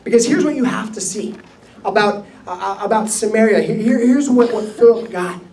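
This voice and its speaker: A man, a pastor, telling a story in a conversational, animated sermon with laughs. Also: sits high, normal speed, a crowd in the background. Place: church hall. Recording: roomy echo, mic at a distance.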